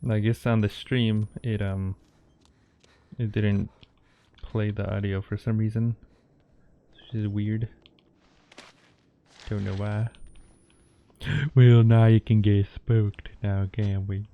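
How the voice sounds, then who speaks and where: A man's voice: fairly low pitch, level tone, slow pace, pauses often, muffled recording. A man streaming a horror game, joking playfully with his chat as he plays. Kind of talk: live gameplay commentary.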